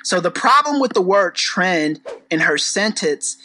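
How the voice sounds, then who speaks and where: Podcast host ranting, swears a lot, bright sharp tone, mid pitch, rambles and restarts. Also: big pitch swings, a little slow, few pauses, rough recording. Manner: profane, blunt, sarcastic. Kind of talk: casual commentary rant.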